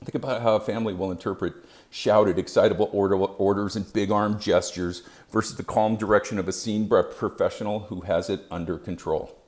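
A man giving scripted narration as an EMS educator, with a measured, even delivery. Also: fairly low pitch.

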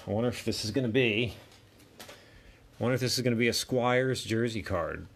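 With a mid-range, creaky voice, this man moves briskly through a card break, naming each card as the packs come open. His casual commentary includes asides to himself, and a faint hiss or hum sits underneath.

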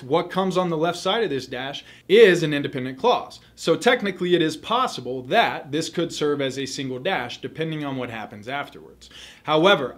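A man tutoring for a test, explaining grammar rules in a clear, methodical lesson and repeating the key points. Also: on the high side, a bit bright.

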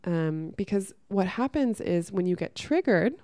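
A woman talking casually to camera about spiritual growth, chatty and soft, often saying "like" and restarting her sentences. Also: medium pitch, lively intonation, measured pace, no room sound. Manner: chatty, many "like" fillers and restarts.

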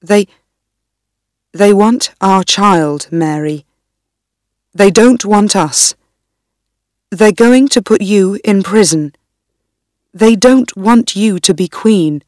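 A woman's voice: medium pitch, takes it slowly, pauses often, darkish tone, no room sound, natural voice. A woman voicing a frightened young man who pleads and stammers in fear. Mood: fearful pleading. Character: frightened weak young man, a queen's husband.

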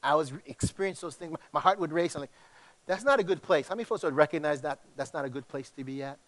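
A middle-aged male pastor from Hawaii with a slight tinge, preaching in an animated, conversational way with many restarts. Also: on the high side, racing. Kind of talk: sermon.

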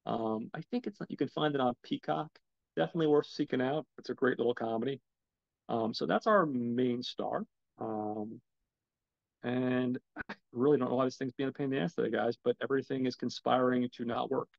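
A man's voice: medium pitch, a little fast, gravelly, dry recording, highs cut off. A man hosting a casual film podcast alone, rambling with many ums and swearing when his gear acts up. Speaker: podcast host reviewing films. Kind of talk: casual solo film talk.

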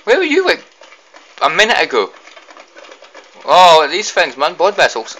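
Excitable guy commentating a game. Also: fairly high pitch, a little slow, a little hiss or hum, poor audio. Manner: excitable, blurts reactions and mild swearing. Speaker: gaming commentator. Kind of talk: let's play commentary.

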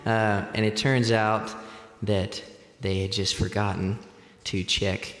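A young male pastor preaching in a church sanctuary. His voice sits a little low and moves at an unhurried, measured pace, and it rings with a long reverb through the big room. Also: level tone, fairly bright tone. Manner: measured, deliberate delivery that speeds up for personal stories. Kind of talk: sermon. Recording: echoey church hall.

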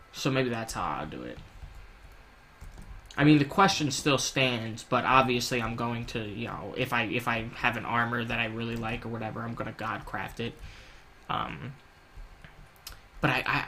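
A young man talking through a game at his desk, rambling loosely and swearing between thoughts. His voice is bright and a bit forceful, at a middling pitch. A faint hiss sits under the desk mic. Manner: rambling, swears, panics loudly when chased. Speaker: gaming YouTuber. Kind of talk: casual gameplay commentary.

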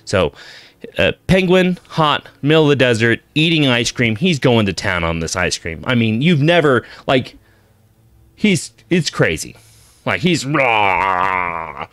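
A man casually telling a long joke, rambling and animated, addressing the listener directly. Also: mid-range voice, takes it slowly, dry recording. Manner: rambling, animated, many fillers and restarts.

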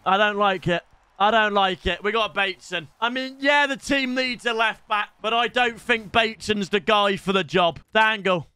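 A young man giving energetic, cheeky commentary on his game to his chat, often bursting into hype shouts. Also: sits high, moderate pace, smooth, no echo. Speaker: gaming YouTuber. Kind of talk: energetic pack-opening commentary.

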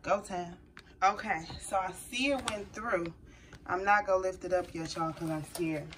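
A woman's voice: fairly low pitch, normal speed, fairly bright tone. A chatty woman talks her viewers through a home craft project, sounding nervous and calling them y'all. She sits a little back from the mic, so her voice comes across somewhat distant, with a faint hiss underneath. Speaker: crafting vlogger. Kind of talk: casual tutorial chat to viewers.

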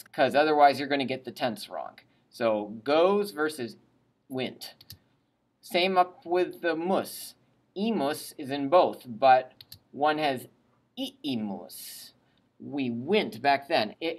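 A woman teaching Latin grammar in a recorded lesson, drilling verb endings aloud and adding chatty, plain asides. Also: low-pitched. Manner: drills conjugations aloud, pausing for students to repeat.

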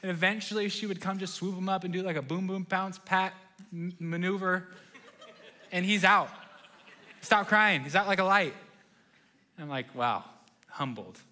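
A man's voice: high-pitched, fairly even intonation, moderate pace, long pauses, pushed and bright. A young adult man preaching a sermon as a pastor, telling stories with animation and acting out his own thoughts in quoted lines.

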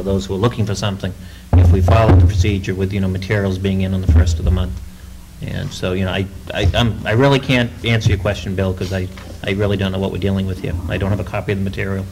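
A man who serves as town manager, speaking at a council meeting in a hesitant way and often saying "you know". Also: low-pitched. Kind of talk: public meeting remarks. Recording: noisy meeting recording.

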